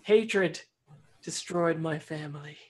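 A player voicing a heartfelt guard mouse leader who rallies the patrol in earnest, halting speeches. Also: medium pitch, a little mellow, close to an everyday voice. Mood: rallying. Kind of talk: tabletop role-play.

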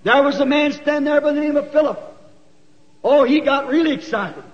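A man preaches in a very high, ringing voice. He tells the story folksy and animated, rising to shouts. The sound is a dull old church tape with a long hall reverb. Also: brisk. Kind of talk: sermon storytelling.

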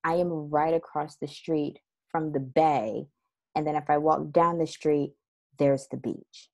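A woman teaching a course, chatting casually and telling a story in an animated way, laughing often. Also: low voice, measured pace, gravelly. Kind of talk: casual chat.

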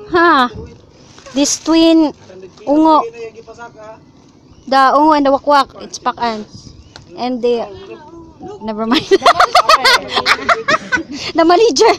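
A young Filipino woman with a Filipino accent chatting excitedly and giggling through a casual travel vlog at an outdoor resort, filmed on a handheld camera. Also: high voice, slow, long pauses, a crowd in the background. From Philippines. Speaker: vlogger. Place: outdoor resort, partly on a cable car. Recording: noisy outdoor recording.

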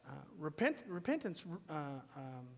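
A man's voice: fairly high pitch, big pitch swings, moderate pace. Fiery preacher man in a big hall. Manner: builds to loud, pleading peaks, then drops to a hushed whisper. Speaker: pastor. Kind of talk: sermon. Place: church sanctuary. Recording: long reverb of a church hall.

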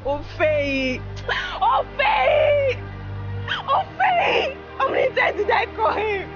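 A woman's voice: very high voice, very animated, takes it slowly, muffled recording, music in the background, full character voice. A young woman with a Nigerian accent in a film drama, angry and tearful. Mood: crying.

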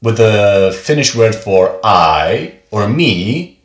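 Slow, patient man teaching pronunciation. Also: fairly low pitch, animated. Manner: slow, patient, repeats example words twice. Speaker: language teacher. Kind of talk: beginner pronunciation lesson. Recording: echoey room.

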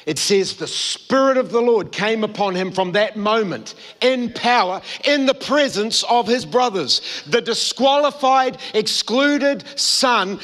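A man's voice: sits high, a bit bright. A man preaching a sermon, telling the story and acting out the quoted voices. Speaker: pastor. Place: church hall.

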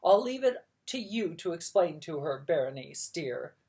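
A woman voicing a rich, bossy elderly great-aunt who issues orders in a loud, haughty way. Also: deep voice, very animated, unhurried, exaggerated voice. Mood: imperious.

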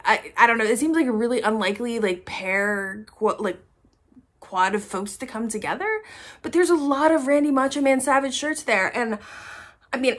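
Woman, chatty haul vlogger; slightly high voice, gushing and casual, swears freely. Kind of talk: casual chat to camera.

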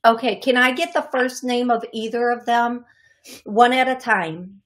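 Pitched fairly high, this middle-aged woman's voice carries her call-in radio show, where she acts as a psychic medium. She stumbles along, full of fillers and false starts.

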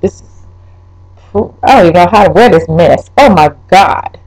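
A young woman vlogging a wig review, talking straight to her viewers, swearing and exasperated, her voice jumping up high when upset. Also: lively intonation, normal speed, darkish tone, low-quality recording. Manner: pitch leaps when upset. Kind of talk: casual vlog, ranting.

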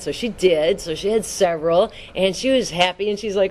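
A woman's voice: medium pitch, a little fast, few pauses, darkish tone. A woman sharing her personal recovery story at a meeting, in a conversational, earnest storytelling manner with fillers and restarts.

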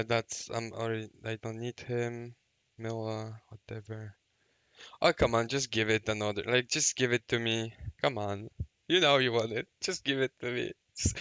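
A man, a gaming YouTuber reacting to game summons, shouting, laughing and cursing, then muttering low. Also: smooth, no echo.

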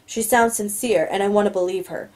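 Female amateur reader with a mellow voice, mid-range pitch, reading fiction who trips over words and breaks in with asides. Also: fairly even intonation, fairly quick, low-quality recording. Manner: stumbles on words, adds asides. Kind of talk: reading a novel aloud.

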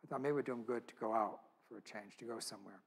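Husky man, church speaker, earnest storytelling talk. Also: medium pitch, racing. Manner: earnest, intimate storytelling with quoted dialogue.

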